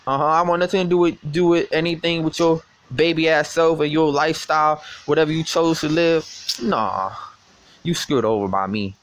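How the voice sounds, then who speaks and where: A man's voice: on the high side, steady tone, moderate pace, no room sound. A young man in casual phone talk who taunts and swears, often stuttering and repeating words. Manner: taunting and profane, with many stammered repeats. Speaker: vlogger.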